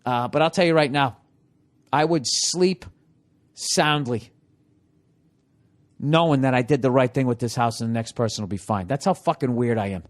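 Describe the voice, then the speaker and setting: A man's voice: moderate pace, pauses often. Profane ranting male podcast host. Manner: animated, profanity-laced ranting that swings between loud outbursts and low muttering; rhetorical questions to listeners. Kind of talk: profane comedic rant.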